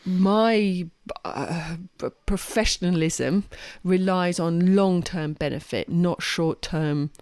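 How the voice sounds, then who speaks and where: A woman's voice: on the low side, takes it slowly, hardly any pauses, a little mellow, clean tone, dry recording. A woman co-hosting a podcast, talking in a rambling, emphatic way with frequent restarts. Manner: rambling, self-correcting, emphatic. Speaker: podcast co-host. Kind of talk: casual podcast chat.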